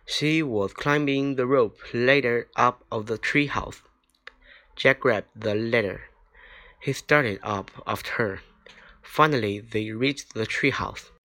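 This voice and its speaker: Slow, careful man reading a storybook. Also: mid-range voice, sharp tone. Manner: slow, careful reading with small slips and restarts. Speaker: reader. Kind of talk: reading a children's book aloud.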